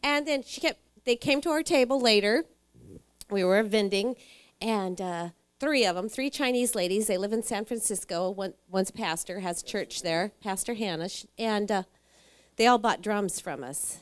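A woman's voice: medium pitch, moderate pace, clear, resonant tone. A woman telling a church story to a congregation, rambling, with many restarts and fillers. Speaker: guest speaker in church. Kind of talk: testimony storytelling.

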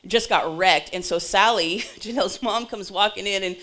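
A woman telling a lively testimony to a church congregation, then leading a spoken prayer, with quick asides. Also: medium pitch. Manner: animated, breathless storyteller with quick asides. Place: church service before a congregation.

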